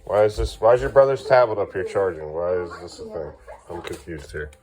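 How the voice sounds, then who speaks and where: A man's voice: low-pitched, expressive, a little fast, a crowd in the background. A middle-aged man vlogging at home as a father, coaxing and scolding his kids in casual talk.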